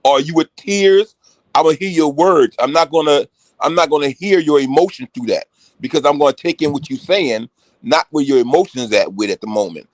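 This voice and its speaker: A man talking loudly and excitedly in casual chat with rough, profane language. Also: fairly high pitch, fairly quick, no room sound. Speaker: show regular.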